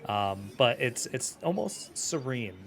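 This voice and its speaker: A man's voice: medium pitch, very animated, slow pace, gravelly, slight background noise. A man playing a tabletop game, describing a scene hesitantly with many fillers. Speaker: player. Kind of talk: casual tabletop play.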